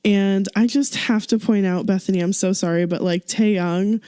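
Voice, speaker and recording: A woman's voice: mid-range voice, steady tone, normal speed, mellow, smooth, no room sound, clean studio sound. A woman co-hosting a podcast, chattily recapping a variety show episode, giggling and acting out quotes. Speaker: podcast co-host.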